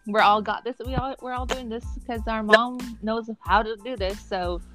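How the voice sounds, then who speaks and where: A woman's voice: a little high, fairly even intonation, normal speed, music in the background. A woman co-hosting a casual chat, chatty and upbeat. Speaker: podcast co-host.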